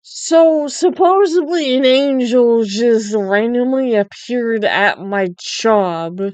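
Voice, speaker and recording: A woman's voice: a little high, slow pace, a little mellow, clean tone, no echo. A young woman livestreamer chatting casually, incredulous and swearing freely. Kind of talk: casual chat while drawing.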